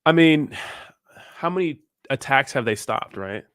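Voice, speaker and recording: A man's voice: mid-range voice, expressive, a little slow, a bit bright, dry recording. Young man, crypto livestream host, crude joking banter, laughs a lot, dry close sound. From Southern California. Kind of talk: casual livestream chat reading viewer comments.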